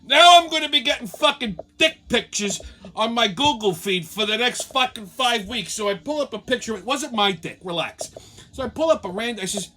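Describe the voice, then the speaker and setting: A man's voice: very high voice, lively intonation, brisk, background noise. A man hosting a show, telling a rambling comic story full of profanity. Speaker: show host.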